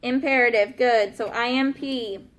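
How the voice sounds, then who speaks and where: High-pitched teacher lady, patient classroom grammar lesson, keeps asking the kids if they get it. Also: steady tone, unhurried, fairly bright tone. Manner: patient, checks understanding with frequent "okay?" and "right?". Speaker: elementary school teacher.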